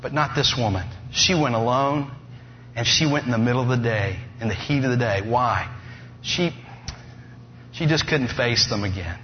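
A man preaching a sermon, telling stories with lively energy and humorous asides. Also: mid-range voice, moderate pace. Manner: animated storytelling with humorous asides. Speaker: pastor. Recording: dull lo-fi sound with faint noise.

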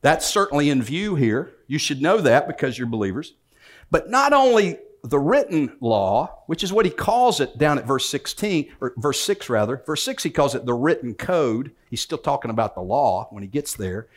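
Pastor preaching conversationally. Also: male voice, mid-range voice, very animated, moderate pace. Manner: conversational preaching with joking asides; reads scripture aloud then explains it. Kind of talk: sermon.

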